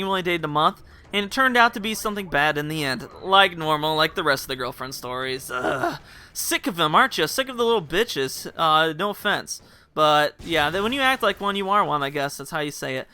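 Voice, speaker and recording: A man's voice: a little high, expressive, brisk, pushed and bright, clear, resonant tone. A young man telling a rambling, casual story to his viewers and laughing at himself. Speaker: vlogger.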